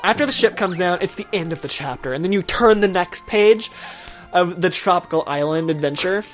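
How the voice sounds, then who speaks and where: A woman's voice: on the low side, fairly quick. A woman co-hosting a gaming video, rambling through an absurd made-up story and acting out the voices. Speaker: let's play co-host. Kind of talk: casual gaming chat. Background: game music.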